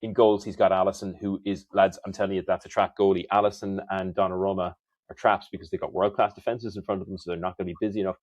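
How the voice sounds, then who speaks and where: A man co-hosting a fantasy football podcast in casual chat, giving brisk rundowns with teasing banter. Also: sits low, little pitch movement, a little mellow, dry recording, dull audio.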